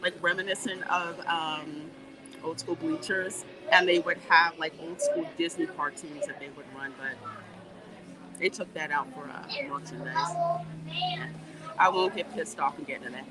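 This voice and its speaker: A woman hosting a casual livestream while walking through a theme park, reading viewer comments and chatting in an animated way. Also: deep voice, moderate pace. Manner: chatty and animated, warm greetings, laughs often. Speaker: livestream host. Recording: noisy outdoor livestream audio. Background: park ambience and music.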